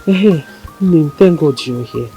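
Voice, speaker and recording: An actress with a Nigerian accent playing a restless young wife who earnestly plans a business. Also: female voice, low voice, animated, slow pace, lo-fi sound, soft background music, full character voice. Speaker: wife whose husband left for the city. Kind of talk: Nollywood family drama acting.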